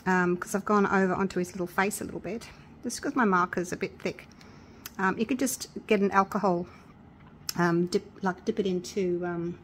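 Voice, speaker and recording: A woman chatting casually through a resin crafting tutorial, excitable and gushing with delight. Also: mid-range voice, moderate pace, a little hiss or hum. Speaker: craft vlogger.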